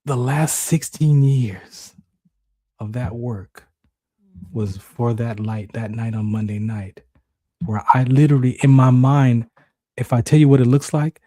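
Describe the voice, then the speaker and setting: The co-host of a talk show tells a personal tale a little slowly and with plenty of feeling. He acts out the voices in his head in high, animated shouts. It's recorded in studio quality with no room sound.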